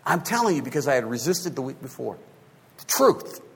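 Husky-voiced man preaching in a hall. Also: medium pitch, fairly quick. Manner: animated, swings from hushed to loud. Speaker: pastor. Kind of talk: sermon storytelling. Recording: long hall reverb.

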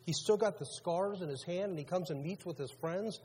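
Husky man preaching in a big hall. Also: sits high, brisk, mellow. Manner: conversational preaching, asks the congregation questions. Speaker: pastor. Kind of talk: sermon. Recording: long reverb of a large hall.

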